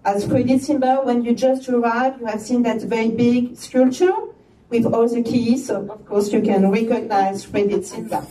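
A woman's voice: on the high side, steady tone, moderate pace, mellow, slight background noise. A woman with a French accent, chairperson of an arts organization, gives a formal opening speech with chatty asides and restarts. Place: gallery opening event. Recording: echoey room from far off.

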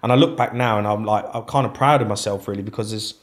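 A former footballer tells stories in a casual interview, animated and cursing freely while acting out old conversations. His voice is fairly low and he talks fast.

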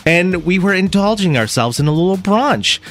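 A man hosting a morning radio show in a studio, telling a story in a casual, animated way with laughs and restarts. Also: high-pitched, moderate pace, soft background music. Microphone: studio microphone.

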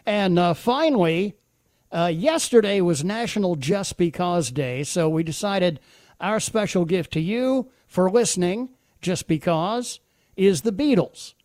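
A man's voice: sits high, expressive, measured pace, a little mellow, dry recording, studio quality. A man hosting a talk show, chatty with many fillers. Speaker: radio talk host. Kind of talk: casual chat with bits.

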